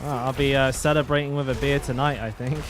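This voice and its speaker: A man's voice: mid-range voice, steady tone, fast talker, noisy background. A man chatting casually to his live-stream audience while he plays a game, swearing freely, laughing, and often trailing off mid-sentence.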